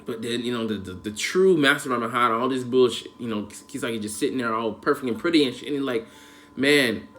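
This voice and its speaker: Faint music plays behind a man who casually and emotionally reviews an anime episode. His voice is medium-pitched, a bit bright, and slightly fast, and he rambles in heavy slang packed with fillers.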